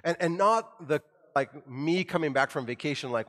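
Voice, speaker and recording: A middle-aged man preaching a sermon in a church, conversational and animated, acting out the quoted lines with rising emphasis. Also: on the high side, moderate pace. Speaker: pastor.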